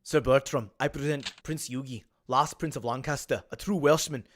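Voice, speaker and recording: A man's voice: mid-range voice, fairly even intonation, moderate pace, a little hiss or hum, lightly acted. A man doing a Scottish-accented courtier. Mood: ceremonious. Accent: Scottish (put on). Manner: formal, announcing. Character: loyal male courtier with a put-on Scottish brogue.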